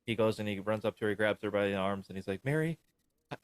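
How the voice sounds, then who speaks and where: A man's voice: on the low side, monotone, rapid-fire, clear, resonant tone, no room sound. A man hosting a podcast in casual chat, enthusiastically retelling movie scenes with lots of fillers and laughs. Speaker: podcast host.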